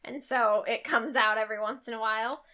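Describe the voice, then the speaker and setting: A woman's voice: fairly high pitch, fairly even intonation, fairly quick, bright, forceful tone. A woman from Northern California, a mom and podcast co-host, chatting casually and laughing often. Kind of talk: casual chat.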